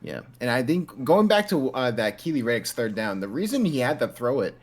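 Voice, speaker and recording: A man giving relaxed, joking color commentary on a streamed college football video game. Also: mid-range voice, fairly quick.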